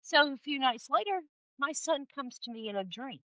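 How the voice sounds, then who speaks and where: A woman guest telling a personal story in an interview, expressive and emphatic, acting out the voices she quotes. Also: sits high, moderate pace, no echo, poor audio. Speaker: podcast guest, spiritual guide. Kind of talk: animated storytelling in conversation.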